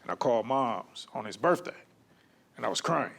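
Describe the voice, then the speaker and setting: A man's voice: medium pitch, animated, moderate pace, gravelly, fairly bright tone, breathy edge. A man who is a comedian, telling a personal story in a loose, conversational way as a guest. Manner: loose, conversational, lots of "you know what I'm saying".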